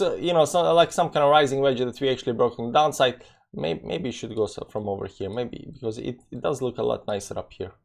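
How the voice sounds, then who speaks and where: A man's voice: mid-range voice, vocal fry. A man live-streaming, casually greeting his chat and talking through a price chart, with loose, rambling non-native English phrasing and lots of fillers. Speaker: crypto trading live-streamer.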